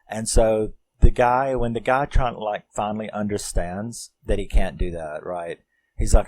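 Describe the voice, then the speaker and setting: Low, mellow man recapping a film. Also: steady tone, a little slow, low-quality recording. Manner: rambling, emotional, swears, many fillers. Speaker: film reviewer.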